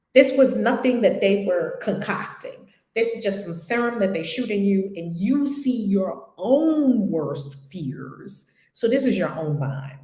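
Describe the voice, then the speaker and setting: A woman leading an online spiritual study group, telling stories in an animated and emphatic way. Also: medium pitch, roomy sound. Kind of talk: conversational spiritual teaching.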